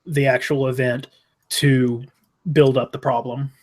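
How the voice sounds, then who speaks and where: A man's voice: mid-range voice, flat delivery, unhurried, darkish tone. A man co-hosting a casual wrestling podcast, giving blunt opinions and swearing freely. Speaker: podcast co-host.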